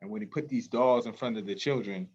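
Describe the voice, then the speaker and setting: A festival host, a man with a mid-pitched voice, leads a call-and-response chant and then talks with earnest, passionate conviction, pausing on fillers. The recording is slightly muffled and lo-fi. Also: a little mellow, breathy edge. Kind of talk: libation call-and-response, then heartfelt talk.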